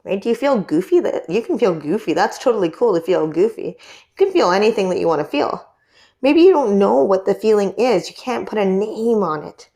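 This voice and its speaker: Young woman, yoga teacher, guided class instruction, gentle, encouraging, middle pitch. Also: big pitch swings, a little fast. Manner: gentle, encouraging, asks many check-in questions.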